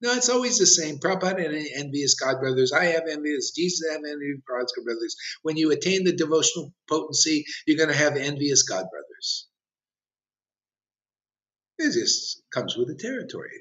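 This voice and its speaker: A man's voice: on the high side, sing-song, normal speed, a bit bright. A man giving an impassioned, provocative sermon as a spiritual teacher, challenging his listeners directly. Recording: dull lo-fi recording.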